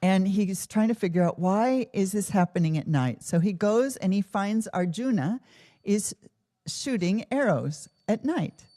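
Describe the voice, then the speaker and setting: A woman's voice: medium pitch, animated, a little slow, dark tone. A woman giving an earnest devotional talk in a temple, telling stories and asking reflective questions. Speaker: devotional speaker. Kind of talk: spiritual talk with storytelling.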